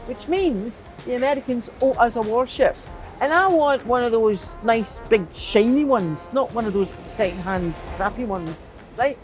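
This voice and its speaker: A woman's voice: on the high side, expressive, unhurried, faint music behind. A middle-aged woman telling history as comedy, with wry, playful asides in a mock-serious tone. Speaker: comic history guide. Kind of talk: comic historical storytelling.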